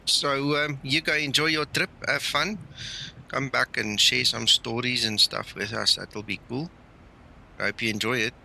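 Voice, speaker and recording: A man's voice: medium pitch, fairly even intonation, a little slow, creaky, sharp tone, slight background noise. A man casually chatting to viewers on a flight sim live stream, rambling with fillers and sounding tired late at night. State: tired, yawning.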